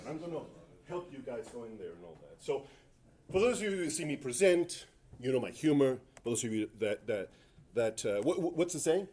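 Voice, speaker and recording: A man's voice: medium pitch, expressive, fairly quick, darkish tone. A man giving a tech talk at a conference, rambling and self-mocking with jokey asides. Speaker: conference presenter. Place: conference room.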